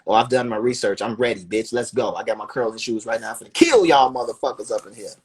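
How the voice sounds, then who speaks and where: A man's voice: mid-range voice, fast talker, husky, natural voice. A man voicing a cocky young man who trash-talks about curling, in a brash manner.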